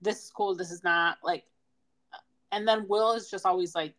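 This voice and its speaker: A young woman, co-hosting a casual podcast chat and telling stories in an animated way. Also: lowish voice, normal speed, poor audio. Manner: animated storyteller, laughs often. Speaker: podcast co-host.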